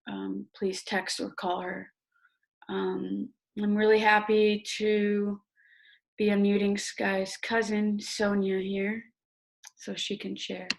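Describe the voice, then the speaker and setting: A woman in her forties hosting a memorial over a video call, speaking gently and softly. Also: medium pitch, gravelly. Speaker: memorial organizer and host.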